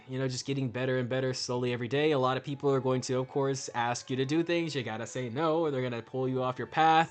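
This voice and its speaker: A young man hosting a game video, mixing casual gameplay commentary with playful, slangy pep talk. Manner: playful, slangy, lively swings in pitch. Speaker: gaming video host.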